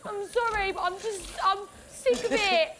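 A woman's voice: very high voice, a little slow, very noisy. A young woman on a reality show in a distressed outburst, whining, swearing and repeating complaints near tears. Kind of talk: emotional outburst. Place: indoors in a house.

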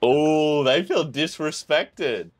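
A young man and college volleyball player giving casual reaction commentary, swearing a lot, with slangy talk and sudden yelps and shouts. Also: on the high side, lively intonation, slow. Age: young adult. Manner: slangy, calls the viewer bro and dog.

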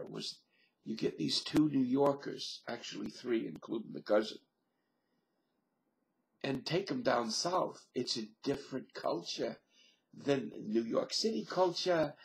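Solo vlogger, male, unhurried musing delivery, gravelly voice, webcam sound. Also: mid-range voice. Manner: slow, musing, thinks aloud with many pauses and fillers. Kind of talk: rambling solo webcam monologue.

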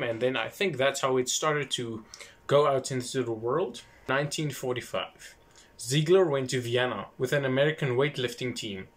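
A man's voice: mid-range voice, fairly bright tone. A man hosting a casual talk, retelling history loosely with asides, restarts and self-corrections.

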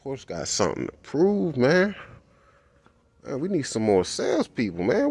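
A man with kids vlogging casually as he walks a car showroom floor, excited and slangy, tagging "man" onto nearly every line. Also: medium pitch, unhurried, creaky, slightly rough, no room sound. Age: adult with kids. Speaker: vlogger touring a car dealership. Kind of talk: casual walkaround vlog.

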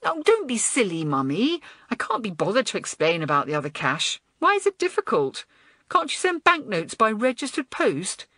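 A woman putting on a high, whiny spoiled schoolgirl. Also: wildly swooping pitch, moderate pace, sharp tone, no echo, heavily acted. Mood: petulant. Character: spoiled boastful schoolgirl, petulant and gloating.

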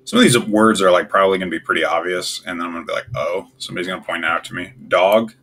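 A young man with a low, gravelly voice that still sounds bright and forward. He talks casually and offhandedly, often puzzled, and slips in wry asides as he ranks things on his own. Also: fairly even intonation, racing. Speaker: tier list video host. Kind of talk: casual solo commentary.

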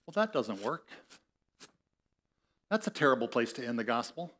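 A man's voice: mid-range voice, lively intonation, normal speed, long pauses, a bit bright. A man preaching a sermon as pastor, telling the story in a conversational way and acting out the voices in it. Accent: Upper Midwest American. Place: church sanctuary.

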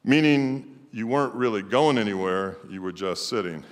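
A middle-aged male pastor preaching a sermon emphatically, swinging between loud declarations and quiet asides. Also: lowish voice, lively intonation, moderate pace. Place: church sanctuary. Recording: long church hall reverb.

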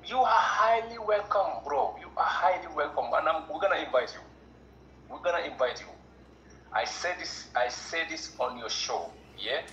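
A man's voice: on the high side, moderate pace, pushed and bright, reverberant, dull audio, a little hiss or hum. A man from Gambia, a guest on a livestream, speaking earnestly and repeating himself with lots of "you know". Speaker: guest caller. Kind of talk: casual chat.

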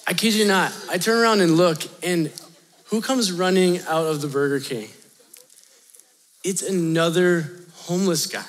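A man as youth pastor, telling a story in an animated, chatty sermon to students, often laughing and talking straight to them. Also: sits high, moderate pace, slight background noise. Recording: long reverb of a large hall.

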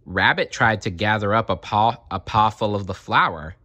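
A man's voice: lowish voice, normal speed, no echo. A man reading a children's picture book aloud, adding short asides for listeners. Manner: animated, adds short asides. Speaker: storyteller.

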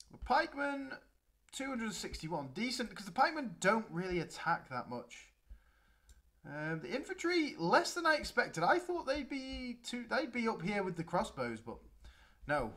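Young man, gaming commentary, animated, fairly high voice, excitable. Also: measured pace. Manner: excitable, chatty, talks to the game units. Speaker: let's play gamer. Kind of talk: gameplay commentary.

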